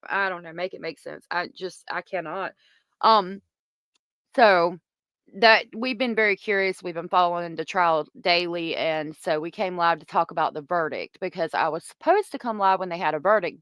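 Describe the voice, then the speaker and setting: A woman's voice: on the low side, a bit bright, no echo. A woman hosting a casual true crime livestream, chatty and gossipy, reading viewer comments aloud.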